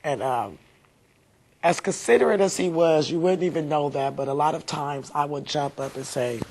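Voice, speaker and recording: A woman's voice: sits low, normal speed, darkish tone. A woman, a mother being interviewed, talking heartfelt and rambling with many fillers. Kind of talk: emotional interview recollection.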